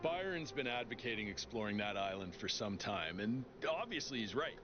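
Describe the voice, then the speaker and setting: Laid-back surfer-voiced android activist, earnest, persuasive, video game dialogue, muffled sound, clear game music behind. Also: male voice, fairly low pitch, sing-song, moderate pace. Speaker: petition-gathering transit worker. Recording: dull audio under game music.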